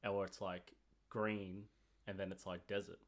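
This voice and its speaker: A young Australian man hosting a casual podcast chat, talkative and animated, with lots of "like" and "dude". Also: low voice, unhurried. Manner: chatty, animated, filler-heavy with "like" and "dude". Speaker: podcast host.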